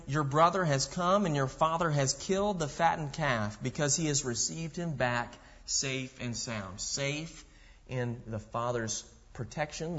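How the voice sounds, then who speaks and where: A man preaching a sermon, reading scripture aloud and explaining it with rhetorical questions. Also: mid-range voice. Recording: muffled voice with long hall reverb.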